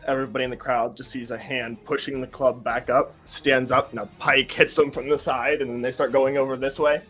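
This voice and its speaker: A man's voice: medium pitch, little pitch movement, a little fast, a bit bright, soft background music. Eager male player at a tabletop game. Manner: eager, describes his character's moves vividly.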